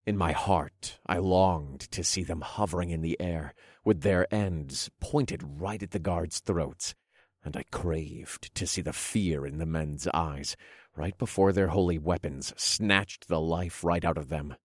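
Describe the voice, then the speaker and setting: A man with a very deep voice narrates a dark fantasy audiobook in a dramatic storytelling manner. The recording is dry and close, with no room sound. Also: a little slow, dry recording.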